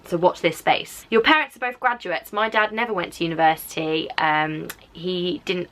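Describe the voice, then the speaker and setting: Teen female YouTuber, English, softened Black Country accent, casual and filler-heavy, bright tone. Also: on the low side, normal speed. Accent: softened English, drifting toward Black Country. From Black Country, England. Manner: chatty, rambling, frequent "like" fillers. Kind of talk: casual reaction chat to camera.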